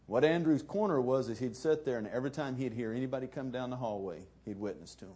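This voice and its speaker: A man's voice: medium pitch, fast talker, warm tone, slightly rough. A middle-aged man, preaching a sermon in a folksy, storytelling way. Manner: folksy, chuckling, conversational. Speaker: pastor.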